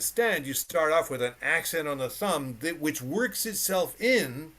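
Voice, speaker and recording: Emphatic male piano teacher, higher voice. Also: animated, measured pace, few pauses, a bit bright. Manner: emphatic, repeats short cues while demonstrating. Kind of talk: one-on-one instruction. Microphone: video call. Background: piano playing.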